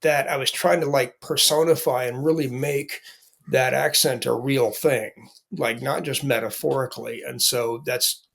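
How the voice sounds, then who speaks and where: A man's voice: medium pitch, steady tone, moderate pace, gravelly, fairly bright tone. A man who is an author, talking candidly in casual conversation, rambling with restarts and frequent swearing.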